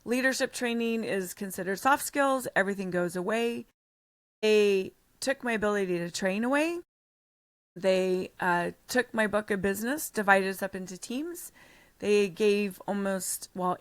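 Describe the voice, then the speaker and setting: Blunt, animated woman telling her story. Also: medium pitch, dry recording. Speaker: podcast guest. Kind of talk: storytelling in an interview.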